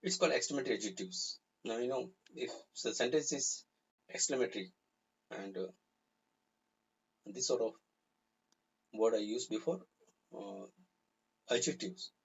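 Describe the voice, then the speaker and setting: A man teaches a live grammar class in a deeply husky, breathy voice. He explains patiently and repeats each example sentence. The recording sounds somewhat muffled and lo-fi. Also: moderate pace, long pauses. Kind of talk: live online grammar lesson. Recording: slightly dull, lo-fi recording.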